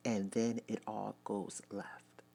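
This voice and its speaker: A woman's voice: extremely low pitch, little pitch movement, slow pace, vocal fry, mellow, husky. A woman giving a casual vlog movie review, chatty and opinionated, often talking straight to her viewers. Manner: chatty, addresses viewers directly; emphatic and opinionated.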